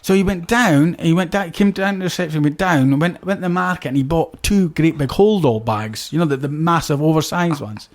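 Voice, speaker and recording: A man's voice: a little high, fairly quick, hardly any pauses. A man, a podcast guest, telling a rambling prison story in casual talk, with frequent "right?" checks.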